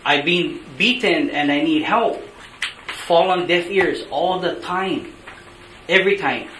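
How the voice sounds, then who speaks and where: A man with a Hawaiian Pidgin lilt delivers angry, blunt public testimony at a meeting. His voice is bright and edgy and sits a little high. The recording carries the echo of a big meeting room and a faint hiss. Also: slow pace. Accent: Hawaiian Pidgin-tinged English.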